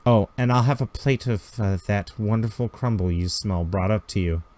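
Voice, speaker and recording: A man voicing a gentle, dignified tribal mother in a tabletop game, speaking softly and calmly. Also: slight background noise, natural voice. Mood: calm tender. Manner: soft, measured, lower and quieter.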